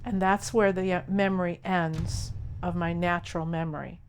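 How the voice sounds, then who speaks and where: Slow, low-voiced woman recounting an encounter. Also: fairly even intonation, slight background noise. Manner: slow, deliberate present-tense recounting. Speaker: experiencer telling her own story. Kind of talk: recounted personal narrative.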